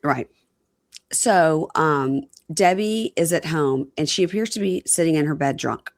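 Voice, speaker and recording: A woman's voice: low-pitched, a little slow, no room sound, clean studio sound. A woman hosting a casual podcast chat, recapping a reality show and acting out the quotes with voices. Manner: animated, acts out quotes with voices. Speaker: podcast host.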